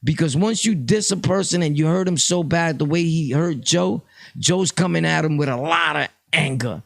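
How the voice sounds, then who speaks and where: A man's voice: fairly high pitch, normal speed, gravelly, dry recording, clean studio sound. A man from Brooklyn, talking casually to his viewers in a rambling, streetwise opinion vlog full of fillers. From Brooklyn, New York. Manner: streetwise, direct, addresses viewers. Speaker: vlogger, channel host.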